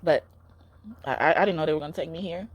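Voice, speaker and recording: A woman's voice: sits low, fast, slightly rough, muffled recording. A young woman giving a casual spiritual card reading, talking in an earnest, emotional, pleading way.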